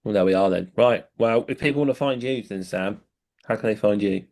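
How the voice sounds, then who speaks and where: A man with a low, gravelly voice reads out a run of event listings as a podcast co-host. He stays casual and dry, dropping jokey asides between the dates and places. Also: brisk, a little mellow.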